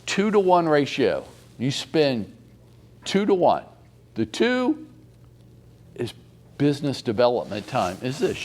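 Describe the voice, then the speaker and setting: Blunt, animated man coaching. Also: a little high. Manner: blunt and profane, with mocking bursts. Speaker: real estate sales coach. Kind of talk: live training session.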